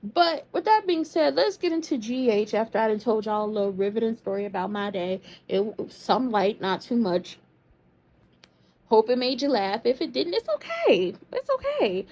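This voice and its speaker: Sassy woman with a high voice. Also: normal speed, a little mellow. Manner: sassy, slangy storyteller. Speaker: soap opera recap host. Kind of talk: casual commentary. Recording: dull lo-fi sound.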